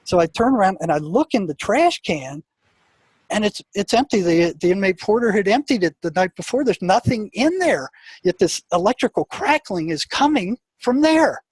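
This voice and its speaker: An older man, a retired psychotherapist, telling a story in an interview; he talks in halting restarts and acts out the sound effects and other people's lines. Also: high voice, lively intonation, slightly rough, dry recording. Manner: halting, repeats words as he recalls.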